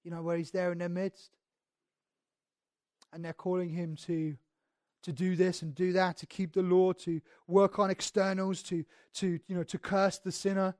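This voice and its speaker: With a high-pitched voice and a flat delivery, a man preaches, alternating quiet reflection with loud, emphatic passages. He reads scripture and slows on key words. It's studio-quality audio without room sound.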